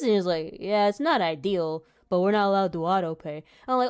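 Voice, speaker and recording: A woman's voice: medium pitch, expressive, brisk, few pauses, darkish tone, smooth, faint music behind. A young woman rambling casually while she draws, laughing a lot, swearing, and muttering to herself over her work. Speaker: artist streamer.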